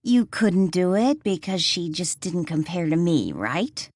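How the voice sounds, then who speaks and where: A woman's voice: on the low side, sing-song, measured pace, a little mellow, no echo, clean studio sound, exaggerated voice. A woman voicing a playful teasing young woman. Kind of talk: audiobook character voice.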